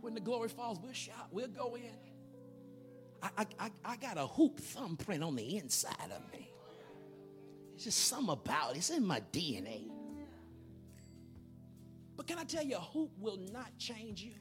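A preacher in their forties giving a sermon, repeating words and building from quiet talk to shouting hoops. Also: mid-range voice, sing-song, moderate pace, long pauses, over music. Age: 40s. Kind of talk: sermon with hooping.

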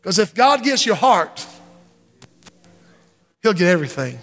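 A middle-aged man preaches a sermon in a large church, his voice sitting high for a man. He moves between low, urgent passages and loud, impassioned calls to the congregation. A long church reverb trails each phrase, with soft music underneath. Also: big pitch swings, unhurried, creaky. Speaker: pastor.

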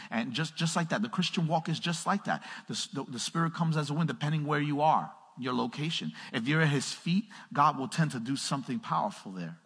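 A man's voice: medium pitch, a bit bright, husky. A man pastor preaching a sermon in a church, throwing call-and-response questions at the congregation and building to emphatic peaks. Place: church sanctuary. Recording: long hall reverb.

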